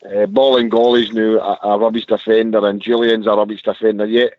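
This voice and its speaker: Scottish guy phoning in from his car, lowish voice, muffled line, loves saying absolutely wonderful. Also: level tone, brisk, dry recording. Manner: enthusiastic, repeats superlatives. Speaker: caller. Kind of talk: casual phone-in chat. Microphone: phone from a parked car.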